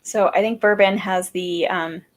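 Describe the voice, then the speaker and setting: A woman hosting a live stream, chatty and quick to giggle. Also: mid-range voice, fairly even intonation. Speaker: host. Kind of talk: casual chat on a live stream.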